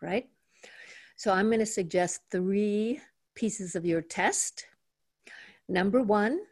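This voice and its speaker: An older woman teaching meditation in a calm, measured way, slowing down to stress her points. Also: mid-range voice, dry recording. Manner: calm, measured, slows down for emphasis. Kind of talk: teaching talk. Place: home in the mountains.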